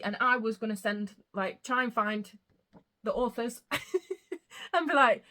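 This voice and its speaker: Girl rambling about her books, bright voice, super passionate, swears a lot. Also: medium pitch, a little fast. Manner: gushing, emotional, swears freely. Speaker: book vlogger. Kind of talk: casual chat.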